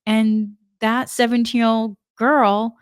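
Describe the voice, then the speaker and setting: Woman, Boston accent, higher pitch, enthusiastic reflective monologue, dry close sound. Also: slow, clear, resonant tone, no echo. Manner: animated, enthusiastic, many "like" fillers. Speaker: spiritual energy forecaster.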